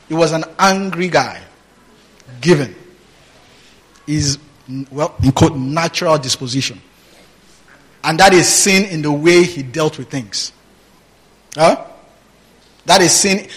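A man preaching a sermon, reading verses aloud and stopping to ask his listeners what comes next. His voice sits somewhat high for a man, and he takes his time over every phrase. He laughs often and asks rhetorical questions. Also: fairly bright tone, poor audio. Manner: reads scripture aloud and prompts the congregation with "what?". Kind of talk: sermon, Bible teaching.

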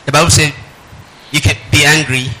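Hesitant man, very bright voice. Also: fairly high pitch, little pitch movement, slight background noise, poor audio. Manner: hesitant, halting, thinks aloud. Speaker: congregant asking a question. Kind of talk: question from the floor.

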